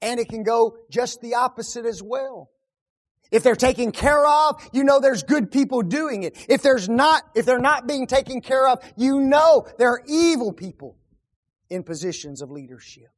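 A man preaching on a psalm, firing rhetorical questions and repeating key words, often dropping his voice to a hush. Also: very high voice, lively intonation, moderate pace. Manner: rhetorical questions, dramatic drops to hushed tones. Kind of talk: sermon on a psalm.

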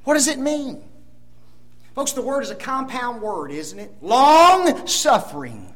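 A male preacher delivers an emphatic sermon, firing rhetorical questions at the congregation and swinging between loud emphasis and hushed asides. His very high voice has big pitch swings, and he speaks at a moderate pace.

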